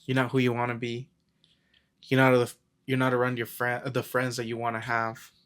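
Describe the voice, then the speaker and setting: Speaking at a normal speed in a medium, slightly bright voice, this man keeps his delivery completely flat. He's a self-help vlogger giving a casual motivational talk to camera about mindset, meandering through anecdotes full of fillers and quotes he acts out.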